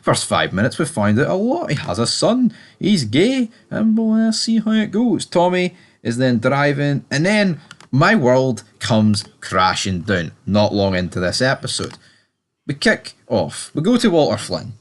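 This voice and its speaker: A man's voice: medium pitch, sing-song, unhurried. A young man giving a casual, rambling recap of a TV episode, full of fillers and restarts. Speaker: TV episode reviewer.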